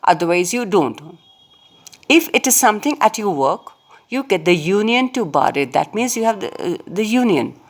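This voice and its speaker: A teacher talks through a play for her class. She goes slowly and patiently, repeating each line and putting it into plainer words. Her voice sits at an ordinary middle pitch for a woman. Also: sing-song. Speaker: English teacher.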